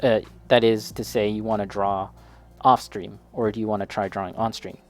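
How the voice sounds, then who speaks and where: A man's voice: lowish voice, little pitch movement, normal speed. A man chatting casually while building a model kit, talking straight to a friend and laughing often.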